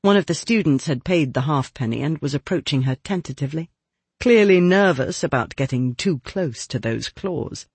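A man reading a novel aloud as narrator, with expressive, lively storytelling. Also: fairly high pitch, normal speed, husky, no room sound. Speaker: audiobook narrator. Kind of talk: scripted narration.

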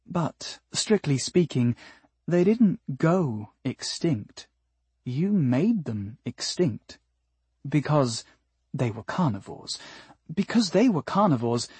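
A man's voice: medium pitch, darkish tone, breathy edge, no echo, full character voice. A man voicing a tall, skeletal alien woman who speaks with elaborate humility and pointed, insistent questions, in an audiobook. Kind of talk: audiobook character voice.

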